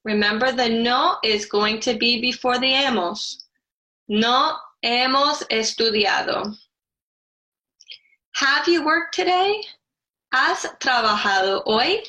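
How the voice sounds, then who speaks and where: A woman's voice: a little high, slow, pauses often, pushed and bright, low-quality recording. A woman teaching a Spanish grammar lesson, explaining carefully and spelling out letters.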